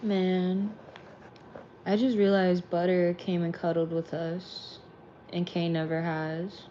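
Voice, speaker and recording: A woman with a slightly low voice talks in a loose, rambling way, swearing freely as she chats through a late-night vlog. She is recorded inside a car, and the audio is a bit muffled and lo-fi. A faint hum of car noise runs underneath her voice. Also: flat delivery, slow, dark tone. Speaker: streamer and vlog host. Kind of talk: casual late-night chat.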